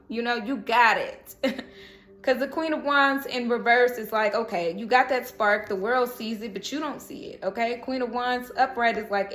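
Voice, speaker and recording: A tarot reader with a slightly high, fairly bright voice gives a casual reading in an echoey room. She's chatty and encouraging, laughing often as she goes.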